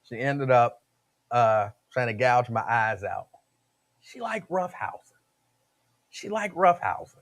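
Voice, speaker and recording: A man's voice: medium pitch, lively intonation, slow, long pauses, a bit bright. A man hosting a radio talk show, chatting casually with listeners, laughing often and repeating himself.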